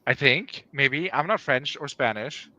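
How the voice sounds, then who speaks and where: Man guest on a casual stream, tired and drawling, bright forward tone, jokey. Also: medium pitch, animated, measured pace, dull audio. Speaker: guest co-host. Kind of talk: casual chat on a live stream.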